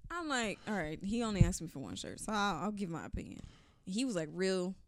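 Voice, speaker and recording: A woman's voice: medium pitch, sing-song, brisk, dry recording. A young woman from New York City, co-hosting a podcast and telling stories in casual chat, acting out what people said. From New York City, USA. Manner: chatty, retells scenes with quoted dialogue, laughs often. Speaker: podcast co-host.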